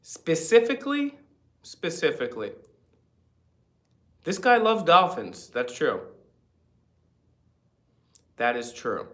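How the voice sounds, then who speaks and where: Bright-voiced man hosting a livestream. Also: medium pitch, sing-song, slow pace, long pauses, reverberant. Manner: rambling, reads chat comments aloud. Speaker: livestream host. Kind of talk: casual livestream chat.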